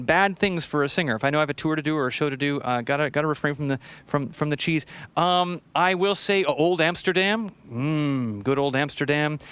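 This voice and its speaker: A man's voice: a little high, a bit bright, clear, resonant tone. A man, a singer hosting a livestream concert, chatting casually and enthusiastically between songs. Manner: chatty and enthusiastic, rambling asides.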